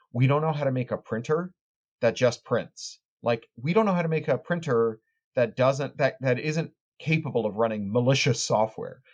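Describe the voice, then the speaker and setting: A man's voice: mid-range voice, a little mellow. Articulate man explaining at length. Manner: articulate and fluent, long explanatory sentences with frequent restarts. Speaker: author and tech critic guest. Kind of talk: podcast interview answer.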